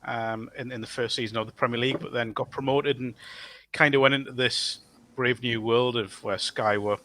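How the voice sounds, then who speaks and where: A man's voice: medium pitch, fairly even intonation, moderate pace, sharp tone, a little hiss or hum. A man speaking as a podcast guest, talking in a thoughtful way with fillers and restarts. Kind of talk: casual podcast chat.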